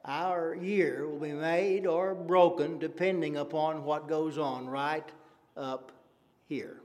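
A man's voice: fairly high pitch, fairly even intonation, takes it slowly. A man preaching an evening sermon in an earnest, conversational way, using rhetorical questions and frequent fillers.

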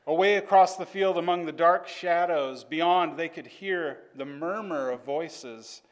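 Guy telling his class a story, voice on the higher side, earnest and measured.

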